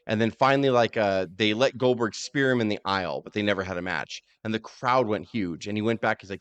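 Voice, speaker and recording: A man co-hosting a casual podcast chat, animated and opinionated, cursing freely as he argues his points. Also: fairly low pitch, fairly quick, few pauses, smooth. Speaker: podcast co-host.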